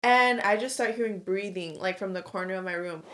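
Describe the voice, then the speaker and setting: A woman's voice: medium pitch, brisk, fairly bright tone. A woman co-hosting a podcast, telling a long story in casual chat with lots of fillers and swearing. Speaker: podcast co-host.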